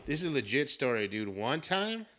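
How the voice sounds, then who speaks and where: Young man, podcast host, casual chat, swears a lot, animated storytelling, bright voice. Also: mid-range voice, normal speed.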